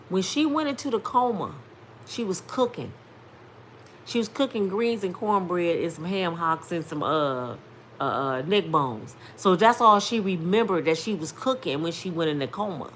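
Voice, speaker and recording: A woman's voice: lowish voice, expressive, normal speed, fairly bright tone, slight background noise. A woman in her fifties speaking directly to her viewers, telling a testimony in an emphatic, preacher-like way. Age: 50s. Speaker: vlogger sharing testimony. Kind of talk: casual storytelling testimony.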